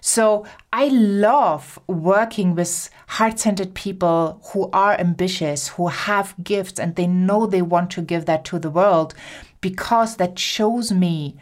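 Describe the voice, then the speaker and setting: A woman's voice: fairly low pitch, takes it slowly. A woman with a German accent hosting her own podcast, talking alone to listeners in an upbeat, encouraging way and stretching words for emphasis. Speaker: podcast host. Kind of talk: solo podcast monologue.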